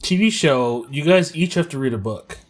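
A young man who is a guest on a podcast, chatting in a giggly, animated way. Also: on the high side, moderate pace. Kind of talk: casual chat.

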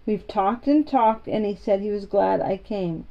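A woman reading a storybook aloud, voicing a serious young girl in a low, earnest tone. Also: measured pace, gravelly, lo-fi sound. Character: serious young girl, calm and matter-of-fact.

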